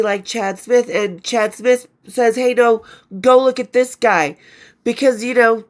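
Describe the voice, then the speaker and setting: A chatty woman hosts her podcast with a somewhat high voice, rambling through her thoughts with real enthusiasm. She drops the odd swear word and sounds a bit stuffy from allergies. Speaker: podcast host. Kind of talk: casual film review chat.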